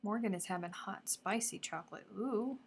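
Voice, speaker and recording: A woman hosting a casual live craft stream, chatting effusively and dropping now and then into soft murmurs. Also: mid-range voice, moderate pace, husky. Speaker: crochet livestream host.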